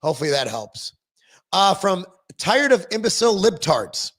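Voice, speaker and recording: A man's voice: sits high, big pitch swings, normal speed, a bit bright. A middle-aged man hosting a casual livestream, reading viewer comments aloud and answering them in a rambling, self-deprecating way with frequent ums and restarts.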